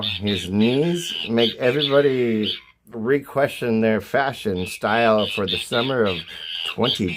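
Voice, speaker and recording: A man talks through a bird sound book in a loose, profane, mock-serious way, drifting into jokey asides. The recording is noisy, with recorded bird calls playing behind him. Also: medium pitch. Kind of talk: irreverent comedic commentary. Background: bird calls played from a sound book.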